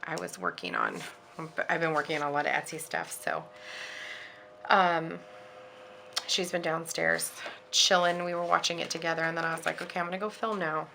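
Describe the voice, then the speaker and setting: A woman's voice: low voice, normal speed, gravelly, pauses often, bright, forceful tone, a little hiss or hum. A woman in her thirties chatting casually in a planning vlog, telling a story with lots of fillers. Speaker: planner vlogger and parent. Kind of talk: casual chat while decorating a planner.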